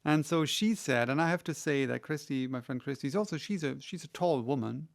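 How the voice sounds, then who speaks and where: Gravelly man rambling in casual chat. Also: on the high side, fairly quick. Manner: rambling, repeats words and restarts, says "right" often. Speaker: audiobook reader answering listener questions. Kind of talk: casual spoken Q&A.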